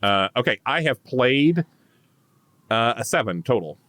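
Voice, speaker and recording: A man's voice: mid-range voice, unhurried, no echo. A man narrating as game master of a comedy tabletop role-play, rambling with lots of fillers. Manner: animated, rambling with many fillers.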